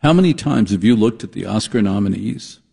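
A man's voice: fairly low pitch, lively intonation, creaky, warm tone, husky. A man hosting a talk radio show, delivering a comedic monologue, riffing and mocking as he goes. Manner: riffing, mocking, switches into quick impressions.

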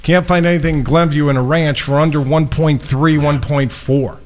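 Animated man telling stories on the radio. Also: fairly high pitch, normal speed. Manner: animated storyteller acting out both sides of conversations. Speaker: radio show host and mortgage lender. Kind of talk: casual radio talk.

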